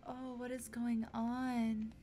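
A woman's voice: a little high, little pitch movement, slow, mellow. A woman streaming a game live, thinking aloud with wonder and gasping when startled. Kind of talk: casual live gameplay reaction. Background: game music.

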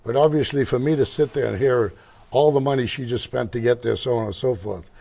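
A man's voice: medium pitch, brisk, creaky, warm tone. An older man who owns a motorcycle shop, telling rambling, digressive stories as a guest in an interview. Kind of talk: casual storytelling interview.

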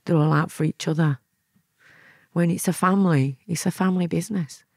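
A woman's voice: fairly low pitch, steady tone, fairly quick, no room sound. Lancashire woman in her fifties, interview guest, chatty storyteller who laughs and acts out what people said, dry close mic. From England.

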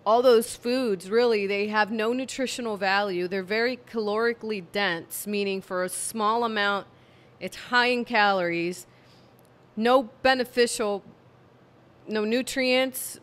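A woman vlogging at home, talking to camera in a tired, low-energy, monotone way. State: fatigued. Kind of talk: casual talk to camera. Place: home room with candle and cats.

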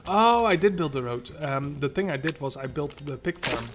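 A man's voice: a little high, animated, normal speed. A man casually commenting on his own gameplay as a let's play host, rambling and talking to himself and to the game. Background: loud game music.

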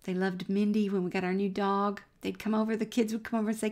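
A middle-aged woman giving an earnest personal faith testimony as a Christian speaker. She tells her story warmly and sometimes drops to a near-whisper. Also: mid-range voice, level tone, quick pace.

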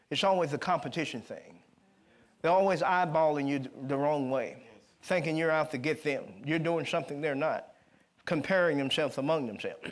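Guy preaching a church sermon, kinda high voice, gets loud and emphatic then chatty. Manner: rising to emphatic call-and-response, then quick conversational storytelling. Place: church service.

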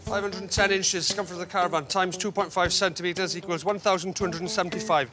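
Male contestant, high voice, steady number read-out; loud music. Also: fast. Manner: reads out calculations steadily. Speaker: comedy show contestant.

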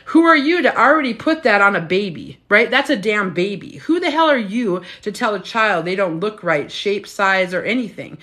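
A woman's voice: medium pitch, animated, moderate pace, few pauses, fairly bright tone. A woman in her fifties, a weight loss coach, giving a casual motivational talk in a blunt, profane, preachy way, often tagging on "right?". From United States.

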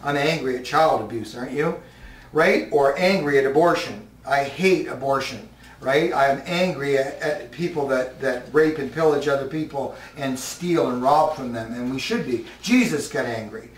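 A man's voice: medium pitch, normal speed. A man preaching a sermon in a conversational way, often asking the congregation questions. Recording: roomy hall from a distance.

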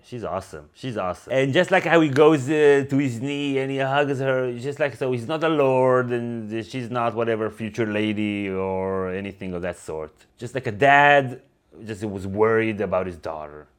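A man's voice: medium pitch, normal speed, clean tone. A man co-hosting a casual book discussion, talking enthusiastically with many fillers and reading passages aloud.

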